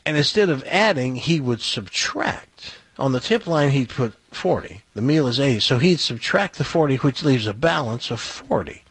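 Husky man telling an animated story. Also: mid-range voice, normal speed, hardly any pauses, no echo. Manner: animated anecdotal storytelling with acted quotes. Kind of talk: storytelling on a talk show.

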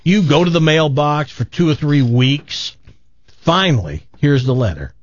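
An older man telling stories from his past in a relaxed, self-deprecating way, with a dull, muffled sound. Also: fairly high pitch, unhurried, no room sound. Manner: animated, self-deprecating, acts out quoted voices. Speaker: guest telling his life story. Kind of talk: casual storytelling.

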